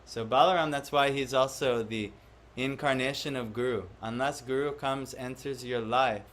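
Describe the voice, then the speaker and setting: A man's voice: mid-range voice, fairly even intonation, normal speed, a bit bright. A man giving a devotional class to a live audience, often questioning the listeners and acting out the voices he quotes. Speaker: spiritual teacher.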